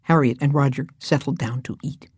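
A woman reading a children's storybook aloud in a hushed, breathy manner. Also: very deep voice, normal speed, no room sound.

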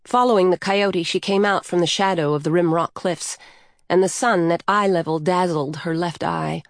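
A woman narrating a story aloud in a calm, even storytelling manner. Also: on the low side, moderate pace, no room sound, studio quality.

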